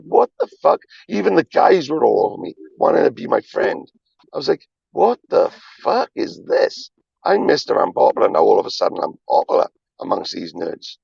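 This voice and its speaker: A man with a very low, gravelly and husky voice rambles and confesses on his livestream, swearing freely and repeating himself for emphasis. The audio is dry and dull, like a cheap stream mic. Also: a little mellow, no room sound. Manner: emphatic, repetitive, swearing often.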